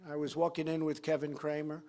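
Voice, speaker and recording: A man's voice: a little high, completely flat delivery, fairly quick. Emphatic older man at a podium. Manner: repetitive, emphatic, swings between loud and quiet. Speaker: politician giving a campaign speech. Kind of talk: campaign rally speech. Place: fundraiser event.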